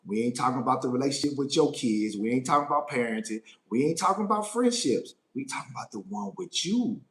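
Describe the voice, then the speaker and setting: A man's voice: mid-range voice, expressive, fast, echoey room. A man, giving a live motivational Q&A talk as a life coach, emphatic and often asking "right?". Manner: emphatic, repeats phrases and asks "right?" often.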